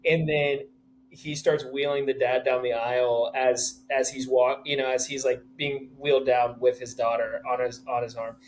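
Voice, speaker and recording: A man co-hosting a podcast who tells excited, rambling anecdotes in a casual chat. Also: medium pitch, normal speed, slight background noise. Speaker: podcast co-host.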